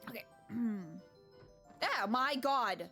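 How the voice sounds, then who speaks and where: A woman's voice: on the high side, animated, very slow, sharp tone, faint music behind. A woman streaming a video game live, chatting casually, mocking herself and yelping at surprises.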